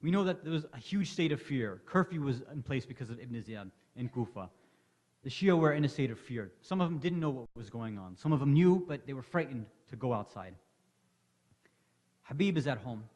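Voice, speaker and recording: A man's voice: mid-range voice, darkish tone. A man delivering an impassioned Muharram sermon to a congregation, telling the story with rising emotion. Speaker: lecturer. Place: large hall at an Islamic center. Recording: long hall reverb.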